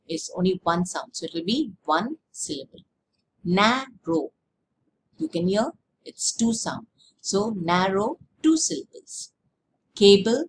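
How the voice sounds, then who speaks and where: Woman teacher, patient step-by-step explaining, medium pitch, faint hiss behind. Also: low-quality recording. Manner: explains slowly, repeats words, checks with "okay?". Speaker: English teacher. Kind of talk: classroom lesson explanation.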